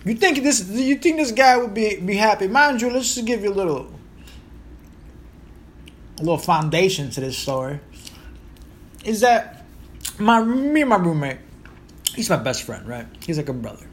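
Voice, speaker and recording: A man's voice: high-pitched, very animated, normal speed, pauses often, slight background noise. A man in his thirties from Puerto Rico, with a Puerto Rican accent, hosting a podcast as a rambling, joking, profane monologue. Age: 30s. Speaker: podcast host. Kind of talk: casual monologue.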